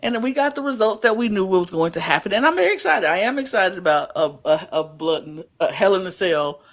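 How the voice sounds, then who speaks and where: A man's voice: high-pitched, lively intonation, fairly quick, a bit bright. A man co-hosting a podcast, recapping wrestling in casual chat with rambling, playfully sarcastic storytelling. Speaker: podcast co-host.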